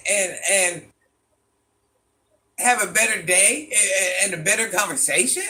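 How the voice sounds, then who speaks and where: A man, chatting casually on a livestream, animated and exasperated, firing off rhetorical questions and laughing often. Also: sits high, measured pace, long pauses. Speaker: livestream host reading chat.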